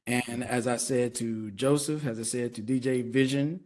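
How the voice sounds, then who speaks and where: A man hosting an online talk show interview, speaking in a measured way and repeating words for emphasis. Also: medium pitch, fairly even intonation, a little mellow.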